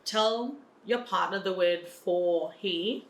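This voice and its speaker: Slow, patient woman drilling phrases. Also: fairly low pitch, roomy sound, poor audio. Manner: patient, repeats each phrase for learners. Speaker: language teacher.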